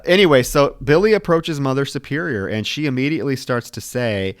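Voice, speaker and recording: Smooth-voiced man recapping a horror film. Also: medium pitch, brisk, few pauses, dry recording, clean studio sound. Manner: recapping scenes, blunt and heated. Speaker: podcast co-host. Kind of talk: casual film discussion.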